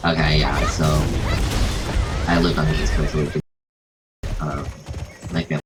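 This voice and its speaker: Hoarse, very deep young man. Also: little pitch movement, moderate pace. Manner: hesitant, with many ums. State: hoarse, has lost his voice. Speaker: gamer in a voice chat. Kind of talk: casual chat. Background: game music.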